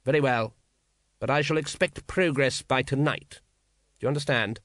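A man voicing a dry, calculating older male ruler who speaks in measured, sardonic questions in an audiobook. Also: mid-range voice, a bit bright, no echo, lightly acted. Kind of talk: audiobook character voice.

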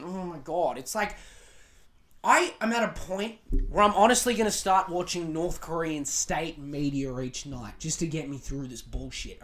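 A man with an Australian accent hosting a podcast, delivering a crude, sarcastic rant full of swearing. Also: sits high. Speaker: podcast host. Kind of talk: profane ranting commentary.

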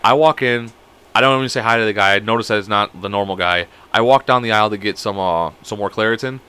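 A man's voice: lowish voice, fast, pushed and bright, clear, resonant tone. A young man casually telling a long story, rambling and profane, acting out the people he quotes. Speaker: podcast co-host.

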